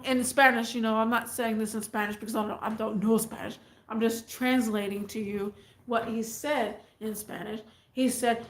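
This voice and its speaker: A woman's voice: a little high, normal speed, fairly bright tone, echoey room. A woman vlogger casually and animatedly retelling a neighbor story, rambling as she goes.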